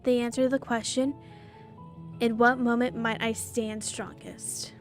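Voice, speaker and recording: A woman gives voice to a noble companion who speaks in archaic formal English. She reads slowly and earnestly, in a slightly high voice. Faint music plays underneath. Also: level tone, natural voice. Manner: slow, earnest dramatic reading. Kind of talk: reading game dialogue aloud.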